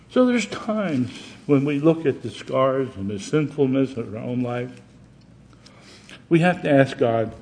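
A man preaching a sermon, rising dramatically on key words and dropping to hushed tones. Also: mid-range voice, very animated, a little slow. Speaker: pastor.

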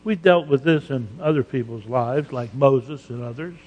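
Male pastor for a sermon: emphatic, rhetorical, husky voice, big reverberant church hall. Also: mid-range voice, moderate pace, a little mellow, highs cut off. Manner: emphatic, with rhetorical questions and dramatized quotes. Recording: long reverb of a large hall.

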